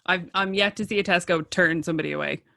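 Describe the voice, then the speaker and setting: An Irish woman co-hosting a podcast, dropping quick amused reactions into casual chat. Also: fairly low pitch, steady tone, creaky, pushed and bright. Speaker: podcast co-host.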